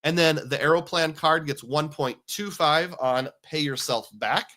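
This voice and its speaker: Male livestream host with a bright, forward voice; casual, joking and self-mocking, chatting with his viewers. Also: on the high side, unhurried. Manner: chatty, jokey, self-deprecating. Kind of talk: casual livestream talk, reading viewer comments.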